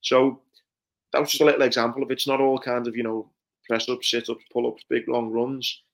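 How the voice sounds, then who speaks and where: Flat-voiced man recounting Marine training. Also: medium pitch, brisk, gravelly. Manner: earnest, reflective, many fillers like "you know". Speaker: guest, former Royal Marine. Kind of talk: conversational interview storytelling.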